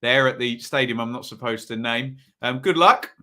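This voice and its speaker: A man hosts a live football watchalong from home, chatting loosely to his viewers. His voice is bright and forward, and his talk wanders, full of ums and quick self-corrections. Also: mid-range voice. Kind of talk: casual live-stream chat. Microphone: phone or desk mic at a home setup.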